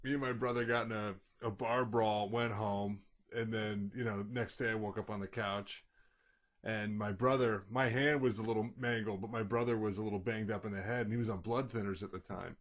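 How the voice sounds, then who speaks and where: A man's voice: lowish voice, fairly even intonation. Man co-hosting, chatty and agreeable. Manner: eager agreeing, quick yeahs. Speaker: podcast co-host. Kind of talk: casual chat.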